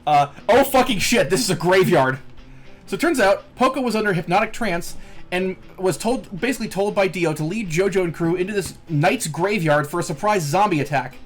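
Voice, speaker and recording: High-voiced joking male podcast host. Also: expressive, a little fast. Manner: jokey, swears freely, laughs often. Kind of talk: casual anime recap chat.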